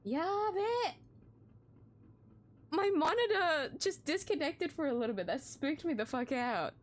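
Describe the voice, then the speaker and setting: A woman's voice: high voice, lively intonation, measured pace. A woman streaming a game casually, swearing freely and laughing often, with a slight cough.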